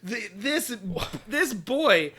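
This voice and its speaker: A young man co-hosting a casual anime review chat, animated and laughing often. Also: very high voice, extremely slow, slightly rough. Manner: animated, laughs often, acts out characters in exaggerated voices. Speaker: podcast co-host.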